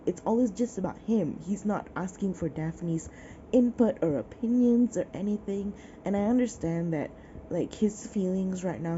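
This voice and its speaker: A woman with a fairly low, warm voice rants about a book in a casual reading vlog, sick and sniffling in bed and sighing with exasperation. Slight background noise sits under the dull lo-fi recording.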